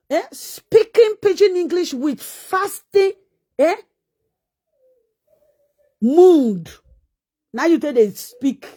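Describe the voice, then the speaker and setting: A Nigerian woman vlogger ranting and mocking someone with rapid rhetorical questions in a scolding manner. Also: high-pitched, darkish tone. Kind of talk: ranting live-stream commentary.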